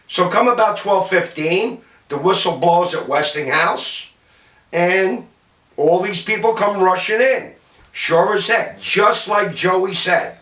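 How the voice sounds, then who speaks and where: A man from City, telling salty anecdotes about his bartending days in a lively, gesturing way. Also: high voice, takes it slowly. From Jersey City, New Jersey, US. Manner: animated, gestures while talking, salty. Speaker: storyteller, former bartender. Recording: roomy sound from a distant mic.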